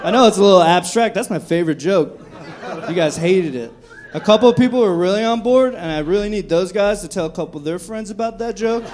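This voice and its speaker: A man's voice: high voice, fast talker, darkish tone, some chatter behind. A young man doing a profane, conversational stand-up set on a comedy club stage into a handheld mic. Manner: profane, conversational, acts out drunk voices.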